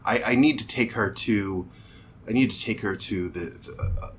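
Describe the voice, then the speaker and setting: A man's voice: fairly low pitch, slight background noise, lightly acted. A man voicing a worried young nobleman who halts and stammers as he pleads for help. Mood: pleading. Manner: halting, stammering pleas.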